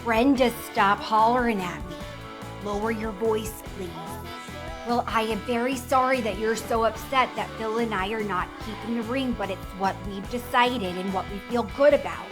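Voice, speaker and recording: A woman's voice: fairly high pitch, moderate pace, over music, voice pushed up, lightly acted. A woman playing a stubborn housewife who firmly scolds a relative over a long-distance phone call. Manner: firm, scolding, exasperated.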